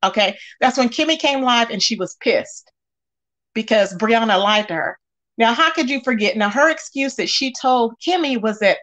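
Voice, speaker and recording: A woman hosting a casual gossip commentary, talking straight to her viewers in an animated way with lots of fillers. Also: a little high, normal speed. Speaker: commentary channel host.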